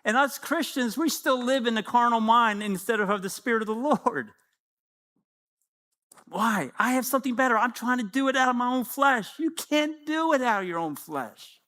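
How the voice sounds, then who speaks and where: A man in his fifties delivers a lively sermon in a notably high voice. His tone is bright and forceful, and he keeps acting out short exchanges in prayer. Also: normal speed. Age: 50s. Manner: animated preaching, acting out prayers and dialogues. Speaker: pastor.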